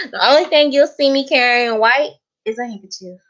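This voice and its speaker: Chatty Southern woman, bright voice. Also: high-pitched, normal speed, highs cut off. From American South. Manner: chatty, laughs often, calls viewers honey. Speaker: vlogger. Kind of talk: casual chat to camera.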